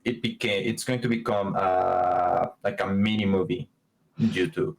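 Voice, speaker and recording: A man's voice: deep voice, fairly even intonation, normal speed, gravelly, low-quality recording. A man co-hosting a podcast in casual chat, rambling with many restarts. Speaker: podcast co-host.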